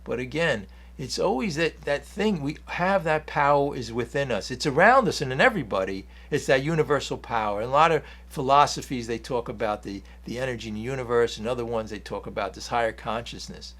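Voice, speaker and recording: Man, earnest, rambling spiritual talk, reads from a book, mid-pitched voice. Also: expressive, fairly quick, few pauses, a bit bright. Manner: earnest, rambling, with frequent restarts and chuckles. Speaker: 12-step speaker. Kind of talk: informal spiritual talk, reading aloud from a book.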